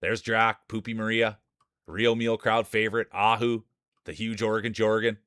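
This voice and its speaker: A man on a live stream calls a marble race as joking mock sports commentary, full of playful hype and teasing shout-outs to viewers. His voice is on the low side with a level tone at normal speed, and there's a little hiss or hum.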